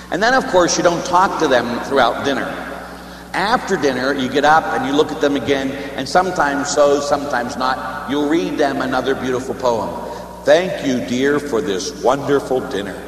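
A male priest gives a sermon in a relaxed, conversational way, joking as he tells a story. His voice rings through a roomy church with a long reverb tail. A faint hum sits under it. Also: fairly high pitch. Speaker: Catholic priest.

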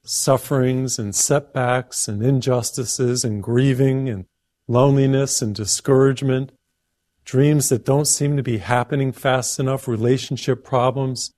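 Slow, earnest male TV preacher. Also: medium pitch, darkish tone. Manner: earnest, emphatic, list-like repetition. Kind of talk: televised sermon.

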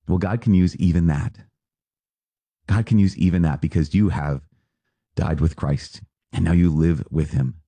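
A man, a priest, giving an earnest sermon-style reflection on a podcast with lively asides. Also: deep voice, moderate pace, long pauses, dry recording.

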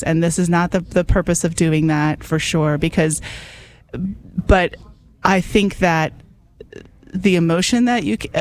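A woman's voice: low voice, a little mellow. A woman hosting a radio call-in show in a chatty, encouraging way, urging listeners to phone in. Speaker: radio host. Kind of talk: casual radio talk.

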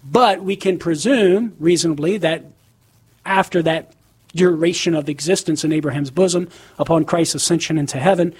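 Husky, articulate male guest speaker. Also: a little high, a little mellow. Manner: measured, articulate, explanatory. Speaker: guest apologist. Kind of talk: explaining doctrine.

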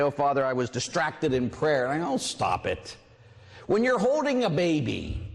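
A priest giving a sermon, telling a personal story with lively asides and acting out voices. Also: male voice, on the high side. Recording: long hall reverb.

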